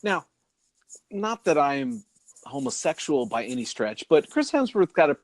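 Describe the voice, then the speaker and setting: A man's voice: fairly high pitch, big pitch swings, measured pace, dry recording. A man co-hosting a podcast in casual chat, rambling and laughing often as he talks. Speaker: podcast co-host.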